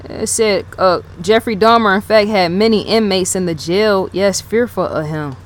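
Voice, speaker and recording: A woman's voice: medium pitch, moderate pace. A woman giving casual unscripted commentary as a channel host, rambling, rereading her notes aloud and repeating herself, with many "yes" and "right?" fillers. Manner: fills talk with "yes", "right?" and "in fact".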